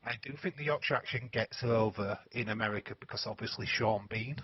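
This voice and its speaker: A man's voice: fairly low pitch, a little fast, breathy edge, no room sound. A man from the United Kingdom with a British accent, co-hosting a podcast in rambling casual chat with many restarts. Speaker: podcast co-host. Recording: dull lo-fi sound.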